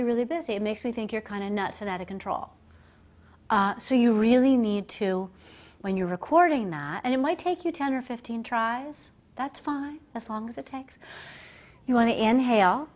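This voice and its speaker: A woman working as a communication coach, giving a lively, conversational business presentation to a group and acting out the voices she quotes. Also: fairly high pitch, normal speed. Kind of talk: live business presentation to an audience. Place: presentation room, speaking standing before a group.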